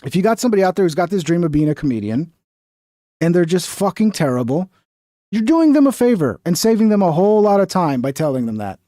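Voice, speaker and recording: A man's voice: high-pitched, big pitch swings, quick pace, mellow, no room sound, studio quality. A man giving casual reaction commentary on a video, blunt and profane, mocking the views he disagrees with. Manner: blunt and profane, mocks others in whiny voices.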